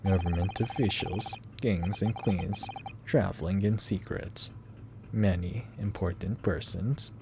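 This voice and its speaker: A man voicing a blunt, proud male sailor guard in a put-on Russian accent, speaking broken English slowly and curtly. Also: deep voice, steady tone, noisy background. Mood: gruff. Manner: broken English, slow and curt.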